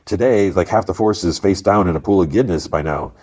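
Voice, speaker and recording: Man voicing a wry woman detective, dry and confident, still a low voice. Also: fairly quick, darkish tone. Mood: brisk.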